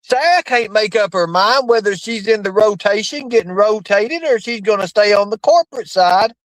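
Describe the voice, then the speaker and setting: A man hosting a livestream, rambling in crude casual chat with sudden jumps in pitch. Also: moderate pace, fairly bright tone, dry recording, poor audio. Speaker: livestream host.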